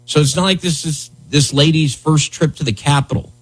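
A man's voice: a little high, steady tone, moderate pace, slightly rough, low-quality recording. A man hosting a political commentary show, talking bluntly and heatedly, often repeating himself.

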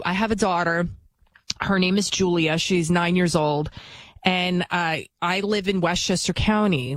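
A woman filling in as host of a talk show, delivering an animated, opinionated monologue full of anecdotes. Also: on the low side, no room sound. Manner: animated storytelling, acts out quoted voices.

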